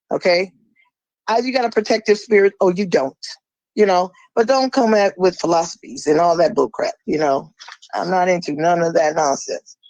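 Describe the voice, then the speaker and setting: A middle-aged woman calling in and speaking in a forceful, emphatic, preachy way. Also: on the low side, dry recording, muffled recording. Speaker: caller. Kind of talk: impassioned monologue.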